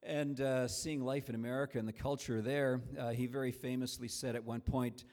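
A man's voice: medium pitch, steady tone, moderate pace, a little mellow. A man preaching a sermon in a conversational, storytelling way, with frequent restarts.

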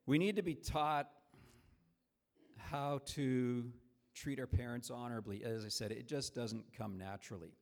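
A man's voice: medium pitch, measured pace. A man preaching a sermon in a conversational, storytelling way, with frequent restarts.

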